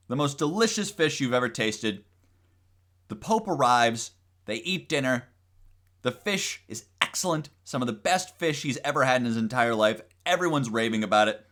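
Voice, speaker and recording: A male streamer chatting casually and telling a joke, animated and laughing often. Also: medium pitch, normal speed.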